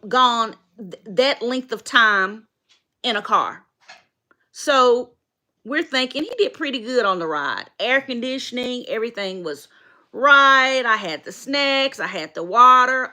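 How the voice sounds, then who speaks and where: A woman's voice: on the high side, sharp tone. A middle-aged woman, emotionally retelling a story to her viewers in a repetitive, emphatic way. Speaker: dog owner vlogger.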